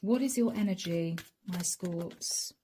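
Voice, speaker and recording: A woman giving a channeled tarot reading, speaking slowly and softly, sometimes dropping into a whisper. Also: fairly low pitch, a little hiss or hum. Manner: slow, soft, drawn-out delivery with whispered asides. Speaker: tarot reader.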